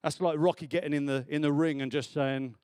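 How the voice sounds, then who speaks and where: Animated man preaching. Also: on the high side, brisk, smooth, no echo. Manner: chatty and animated, laughing often, acting out film lines. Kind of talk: sermon. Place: church.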